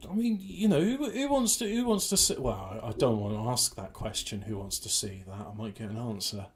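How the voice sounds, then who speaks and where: A man hosting casual livestream banter, rambling with a mock sales-pitch delivery into a home computer microphone. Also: expressive, fairly quick, breathy edge. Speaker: show host.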